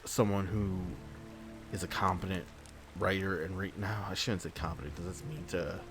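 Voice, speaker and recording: A man's voice: sits low, steady tone, normal speed, fairly bright tone, soft background music. A man hosting a game playthrough, ranting in an exasperated, rambling way and swearing often. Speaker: let's play host. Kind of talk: gameplay commentary, ranting.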